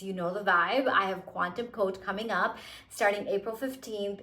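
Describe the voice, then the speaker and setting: A woman's voice: fairly high pitch, a bit bright, reverberant. A young adult woman speaking as a manifestation coach in an earnest, emphatic casual monologue, full of "like" and "you know".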